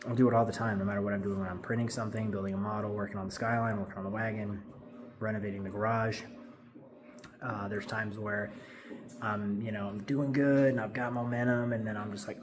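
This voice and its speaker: Low-voiced man rambling in his garage. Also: steady tone, fast talker, background noise. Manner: rambling, self-talking, filler-heavy. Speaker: car builder. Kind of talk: casual garage build vlog. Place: home garage.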